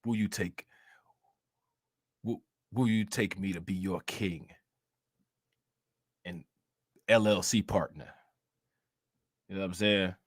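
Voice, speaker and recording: A man's voice: low-pitched, steady tone, takes it slowly, long pauses, no room sound, studio quality, voice pushed down. A man putting on the voice of a self-important man grandly proposing marriage, in a mock-regal manner.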